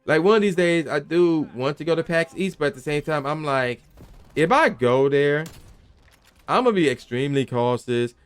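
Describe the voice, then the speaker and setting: Faint music sits behind a young man's smooth, slightly high voice at a moderate pace. Hosting a gaming commentary channel, he gives an animated, emphatic, slangy rant and occasionally acts out the people he quotes.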